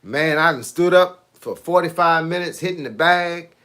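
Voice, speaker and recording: A man's voice: on the high side, moderate pace, sharp tone, clear, resonant tone. A middle-aged man, a fitness coach chatting casually with viewers on a live stream, laid-back and laughing often. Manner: laid-back, repeats "hey, look" and "bro", laughs often.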